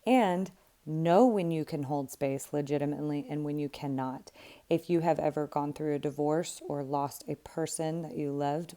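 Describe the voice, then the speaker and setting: A middle-aged woman speaks as a coach in a candid, emphatic way. Her voice sits low and sounds mellow and relaxed. She talks plainly and is not shy about an occasional curse. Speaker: life coach. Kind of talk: casual direct-to-camera talk.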